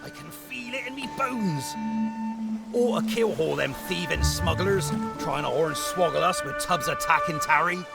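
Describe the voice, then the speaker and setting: An actor playing a gruff male pirate crewman in an exaggerated pirate voice, grumbling in sea slang. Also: on the high side, unhurried. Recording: game audio with loud music behind.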